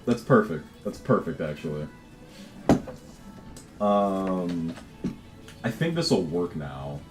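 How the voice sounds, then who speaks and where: A man's voice: sits low, big pitch swings, takes it slowly, loud music behind the voice. A man chatting casually on a livestream while he codes, swearing, laughing easily and often restarting his words. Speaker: game developer livestreaming.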